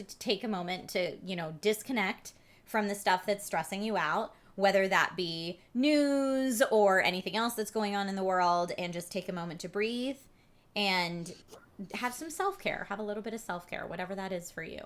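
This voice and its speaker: Bright-voiced chatty woman co-host. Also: mid-range voice, lively intonation, moderate pace. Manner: chatty, frank, self-deprecating. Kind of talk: casual chat.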